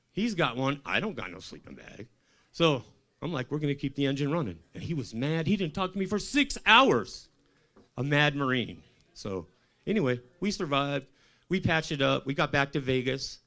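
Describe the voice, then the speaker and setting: A man from Colorado working a small club stage at an open mic. His pitch swings widely as he rambles through deadpan stories and throws questions at the crowd. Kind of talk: stand-up comedy set.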